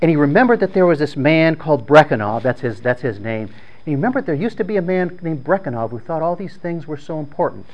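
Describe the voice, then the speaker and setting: A man's voice: fairly high pitch, animated, quick pace, muffled recording. A man informally retelling a story in plain, conversational words, often repeating and restarting his phrases.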